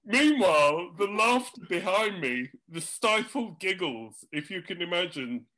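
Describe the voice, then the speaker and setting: An older man recounts a recording-studio mishap with dry comic timing. His voice sits high and swings widely as he mimics the people in the story. He takes his time over every beat. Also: animated, unhurried, sharp tone. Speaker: jingle composer telling studio stories. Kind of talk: anecdotal storytelling chat.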